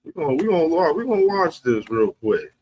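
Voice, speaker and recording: A man's voice: fairly high pitch, very animated, brisk, darkish tone, a little hiss or hum. A man hosting a boxing livestream, talking in loose, slangy, casual commentary. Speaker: boxing stream host.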